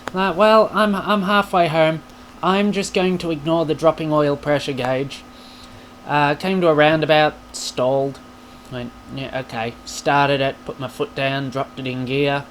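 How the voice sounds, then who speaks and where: A man's voice: fairly high pitch, slight background noise. Jokey rambling man hosting a vlog. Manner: rambling, self-deprecating, jokey. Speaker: YouTube channel host. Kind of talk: casual Q&A vlog. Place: home recording space.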